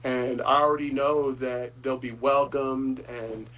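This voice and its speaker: A man hosting a casual chat, talking in a rambling, warm-hearted way with frequent chuckles. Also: medium pitch, steady tone, a little slow, poor audio. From Florida. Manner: rambling, chuckles often, fillers. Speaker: host.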